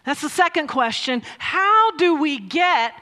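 A woman's voice: high voice, animated, unhurried, sharp tone. A woman preaching a sermon into a microphone, telling stories with frequent laughs and emphatic rises. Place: church hall with a mic. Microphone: handheld or stand mic. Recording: long hall reverb.

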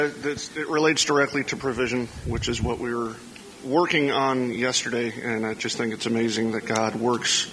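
A man of middle pitch stands up to share a testimony with his church. He talks hesitantly, pausing to find his words, and a faint noise sits behind his voice. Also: a bit bright, poor audio. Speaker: congregation member sharing a testimony.

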